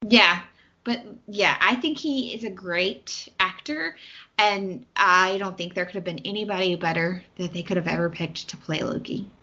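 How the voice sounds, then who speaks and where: A woman's voice: on the low side, moderate pace, bright, forceful tone. A woman with a Southern American accent, co-hosting a podcast in casual, chatty talk with many fillers. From Southern United States. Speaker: podcast co-host. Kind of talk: casual chat. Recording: slightly dull lo-fi audio.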